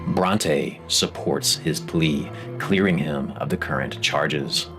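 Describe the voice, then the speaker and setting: A man narrating a scripted video essay, expressive and rising for emphasis, with a music bed under his voice. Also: a bass voice, slow pace.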